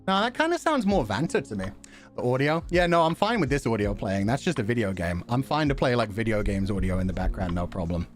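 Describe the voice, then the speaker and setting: A male streamer chatting with his viewers in an easy, talkative way. His pitch moves around a lot, from low murmurs to bright high bursts. Faint music plays softly behind him. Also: big pitch swings, quick pace. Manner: chatty, laughs often, reacts to chat and videos. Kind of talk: casual stream chat.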